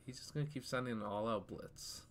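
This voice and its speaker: A young man giving casual live commentary over his football video game, easily frustrated and trash-talking, breaking into sudden shouts. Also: mid-range voice, a little fast. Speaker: gaming YouTuber.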